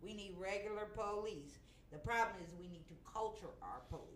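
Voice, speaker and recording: A woman's voice: mid-range voice, a little fast, slight background noise. Brash middle-aged woman, roomy echo. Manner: blunt, brash, profane. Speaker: talk show host. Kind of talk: casual comedic chat.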